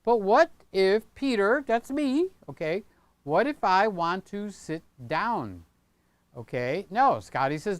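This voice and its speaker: A man's voice: sits high, very animated, slow pace, clean tone. An older man hosting a casual livestream from his home studio, rambling and chatty, often tagging on "okay?". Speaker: channel host. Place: home studio room with set pieces.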